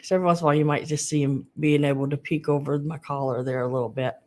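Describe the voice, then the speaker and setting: Speaking very fast in a low, steady voice, a woman with a Southern US accent hosts a live vintage sale stream. She keeps it casual and greets viewers by name.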